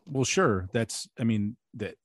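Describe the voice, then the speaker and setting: A man's voice: mid-range voice, animated, no room sound, studio quality. A middle-aged man hosting a podcast, telling stories in a chatty, laughing way. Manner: fast, chatty storytelling with laughs. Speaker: podcast host. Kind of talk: casual chat.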